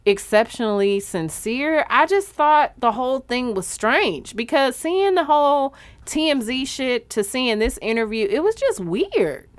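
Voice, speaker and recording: A woman co-hosting a podcast, talking blunt and animated in casual chat with slang and swearing. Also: high-pitched, measured pace, dry recording. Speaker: podcast co-host.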